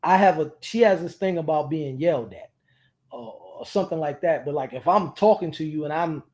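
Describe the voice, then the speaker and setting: A man's voice: fairly high pitch, lively intonation, a little fast, darkish tone. A man co-hosting a casual chat with his partner, telling stories animatedly with lots of restarts and colloquial speech. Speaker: co-host.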